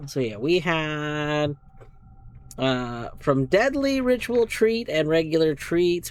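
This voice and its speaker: A man's voice: a little high, slow, clear, resonant tone. Playful streamer man chatting to his cats. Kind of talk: casual live-stream chat.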